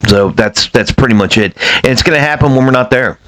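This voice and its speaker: A man's voice: mid-range voice, brisk, a bit bright, low-quality recording. A man telling stories in a casual, rambling monologue, blunt and profane, with many fillers. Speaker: former self-storage manager.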